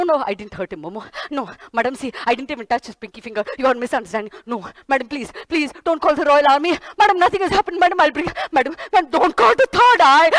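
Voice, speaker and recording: A woman's voice: high-pitched, a bit bright, no room sound. Woman playing Murk, a blustering Indian hunter. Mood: panicky. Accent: Indian English. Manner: fussy, rambling, repeats herself. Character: blustering bumbling hunter with pet Momo. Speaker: solo stage performer. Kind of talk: one-woman stage play.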